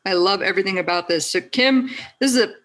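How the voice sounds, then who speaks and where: A woman's voice: medium pitch, fast talker, a bit bright. Enthusiastic woman podcast host. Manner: enthusiastic, encouraging. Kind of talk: casual podcast interview.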